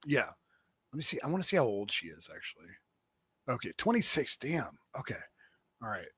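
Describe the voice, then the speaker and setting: A man's voice: mid-range voice, sing-song, a little fast, fairly bright tone, breathy edge, no echo. A man hosting a comedy podcast, rambling through casual banter with plenty of fillers and restarts. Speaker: podcast host.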